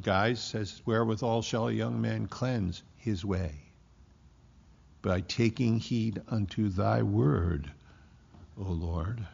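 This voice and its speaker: An older man preaching a sermon, reading scripture slowly and building emphasis as he speaks. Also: medium pitch, creaky, slightly rough, dull audio. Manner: preaching with rising emphasis and slow drawn-out scripture quotes. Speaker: pastor.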